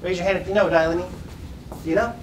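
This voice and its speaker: A man's voice: high-pitched, fairly even intonation, fast, slight background noise. A man teaching a children's music class, patiently guiding them and chanting rhythms for them to repeat. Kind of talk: classroom lesson with call and response. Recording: echoey classroom from far off.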